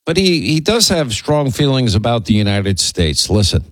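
A man hosting a political commentary show, talking in a sardonic, rambling way with quick asides. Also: mid-range voice, sing-song, no echo. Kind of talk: casual opinion commentary.

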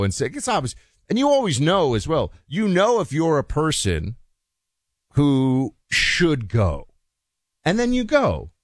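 A man's voice: a little high, huge pitch swings, a little slow, no echo, studio quality. A man hosting a radio talk show, giving a rambling, opinionated monologue full of restarts and quoted asides.

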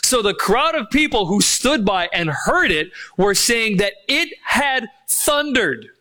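A man preaching a sermon as pastor, emphatic, asking rhetorical questions and slowing down on key phrases. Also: high voice, very animated, pushed and bright.

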